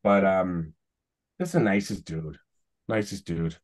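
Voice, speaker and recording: A man's voice: low-pitched, takes it slowly, a little mellow. A man in his forties from Canada, a podcast guest rambling through stories in casual chat. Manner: rambling storyteller, restarts, chuckling asides. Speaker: podcast guest, celebrity YouTuber.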